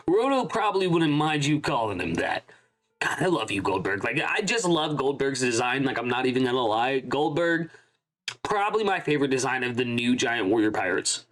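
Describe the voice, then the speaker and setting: A man's voice: medium pitch, big pitch swings, normal speed, fairly bright tone. A young man hosting a casual manga reaction, talking in a chatty, rambling way and often correcting himself mid-sentence. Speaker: channel host.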